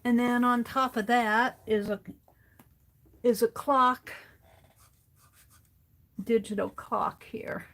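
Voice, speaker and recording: A woman's voice: a little high, steady tone, fairly bright tone. A middle-aged woman chatting casually to herself as she sketches for her art vlog, musing over what to draw next. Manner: slow, musing, talks to herself as she draws. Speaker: art vlogger. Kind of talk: casual narration while sketching.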